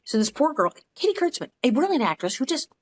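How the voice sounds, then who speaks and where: A woman's voice: sits high, very animated, fast, crowd noise. A woman in her sixties co-hosting a podcast, telling a story in casual chat and acting out the lines she quotes. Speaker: podcast co-host. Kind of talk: casual chat recapping a TV episode.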